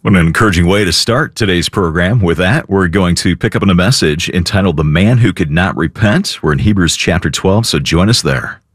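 A male radio host who introduces the program and prompts the guest pastor in a calm, measured way. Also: low-pitched, husky, no echo, studio quality. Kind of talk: radio hosting. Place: radio studio.

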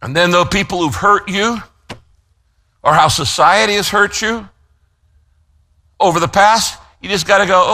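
Man, pastor, sermon, high voice, emphatic. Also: bright, forceful tone. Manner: emphatic, slows down to stress key phrases; gives note-taking instructions to listeners.

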